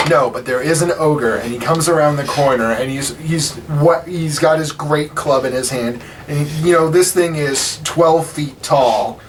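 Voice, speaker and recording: A man's voice: on the high side, unhurried, hardly any pauses. A man running a tabletop game as dungeon master, narrating loosely with many fillers. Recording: distant mic with background hiss.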